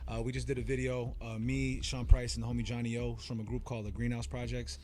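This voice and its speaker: A man's voice: mid-range voice, level tone, fast, a little mellow. A man guesting on a podcast, talking in laid-back slang and joking around. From Brazilian family. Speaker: guest rapper. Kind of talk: casual podcast interview. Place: hot valley town studio.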